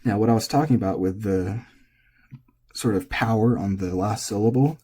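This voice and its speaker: A man teaching pitch in a relaxed, casual lesson, thinking aloud as he goes. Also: moderate pace, husky. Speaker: language teacher.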